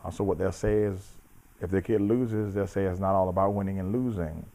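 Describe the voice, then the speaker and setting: A middle-aged man with a fairly low voice speaks in a measured, preacherly way. He builds his points through repetition and steady emphasis, like a coach passing a lesson on to his listeners. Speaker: judo coach and host. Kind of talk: reflective motivational talk.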